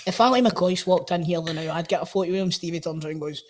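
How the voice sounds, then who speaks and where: A man with a Glasgow accent, a podcast co-host who chips in with quick jokes in casual banter. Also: a little high, steady tone, soft background music. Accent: Scottish (Glasgow).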